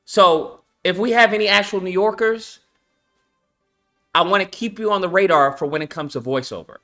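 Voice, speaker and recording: A young man chatting casually on a stream about his game project, slangy and animated, with lots of swearing and fillers. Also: high voice, moderate pace, faint music behind. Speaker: game developer and channel host. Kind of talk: casual livestream chat.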